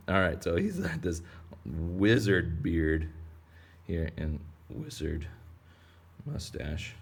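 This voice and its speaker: Deep-voiced, jokey man teaching kids to draw. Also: expressive, slow pace, creaky, long pauses, breathy edge. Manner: rambling, playful, joking asides. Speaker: drawing teacher. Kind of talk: casual drawing tutorial for kids.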